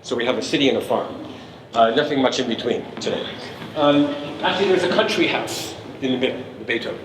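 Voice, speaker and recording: Playful New composer in a hall. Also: male voice, mid-range voice, lively intonation, fast, noisy background. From New York. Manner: chatty, playful, coaxing the audience to join in. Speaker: composer leading a family concert. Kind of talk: explaining music to a family audience. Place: concert hall stage. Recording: echoey concert hall, from a distance. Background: piano and string music.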